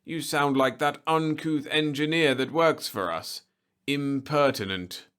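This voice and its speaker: A man's voice: fairly high pitch, unhurried, fairly bright tone, clear, resonant tone, voice pushed up. A man doing a listless, pampered city weakling. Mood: weary, mild. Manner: listless, plaintive, mildly haughty. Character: frail, pampered, weary young city man. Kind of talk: storybook reading.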